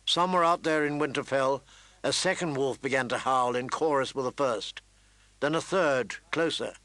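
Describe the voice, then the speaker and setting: A man narrating a fantasy audiobook in a measured, steady storytelling manner. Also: mid-range voice, no echo. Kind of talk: scripted narration.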